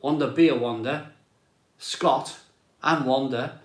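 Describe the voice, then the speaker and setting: A man's voice: medium pitch, takes it slowly, echoey room. A man hosting a casual beer live stream, chatting and greeting viewers as he reads their comments aloud.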